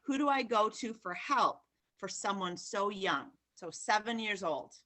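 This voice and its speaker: A woman's voice: medium pitch, animated, measured pace, bright, forceful tone. A woman moderating a session, reading questions aloud plainly and steadily.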